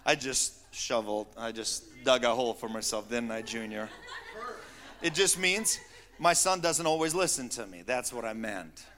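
A man's voice: medium pitch, moderate pace, crowd noise. A man preaching a sermon as pastor, telling the story with teasing asides and rhetorical questions to his congregation.

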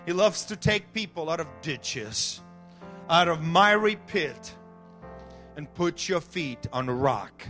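A man's voice: on the high side, lively intonation, takes it slowly, sharp tone, faint music behind. A man preaching a fervent sermon, rallying the listeners with exclamations and calls to the crowd. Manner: rallying, exclamatory, call-and-response.

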